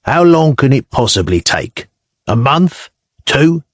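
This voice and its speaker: A man's voice: mid-range voice, sing-song, slow pace, no echo, studio quality. A male narrator voicing a blunt, grumbling Viking warrior in an audiobook. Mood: gruff.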